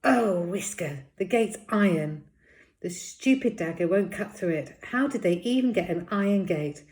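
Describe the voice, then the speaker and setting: A hot-tempered young girl rabbit from a storybook, shrill and defiant, as a woman reader puts her on. She sits high and comes out loud and forceful. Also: animated, unhurried, natural voice. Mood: urgent.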